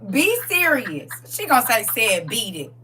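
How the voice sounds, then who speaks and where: Animated, laughing middle-aged woman. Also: on the high side, moderate pace, far from the mic. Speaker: live stream host. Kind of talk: casual chat.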